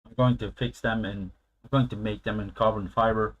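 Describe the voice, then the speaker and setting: A man's voice: on the low side, steady tone, fairly quick, highs cut off, a little hiss or hum. A man hosting a casual live stream, chatting loosely and laughing often as he answers his viewers.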